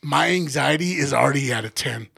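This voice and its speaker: A man's voice: medium pitch, a little fast, creaky, pushed and bright, husky. A man co-hosting a podcast, trading wry, profane, laid-back banter. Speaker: podcast co-host. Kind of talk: casual storytelling chat.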